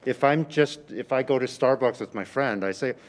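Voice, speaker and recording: A man teaching a violin master class in a rehearsal room, coaching a student with lively, exaggerated phrasing and frequent restarts. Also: mid-range voice, moderate pace. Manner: animated, exaggerated teaching delivery with repeated phrases.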